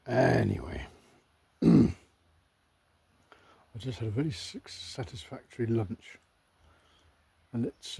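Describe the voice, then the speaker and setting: A man's voice: mid-range voice, creaky, warm tone, husky. A man giving a rambling, wry cookery monologue at home, often correcting himself mid-thought. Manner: digressive, self-correcting, wry. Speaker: cookery vlogger.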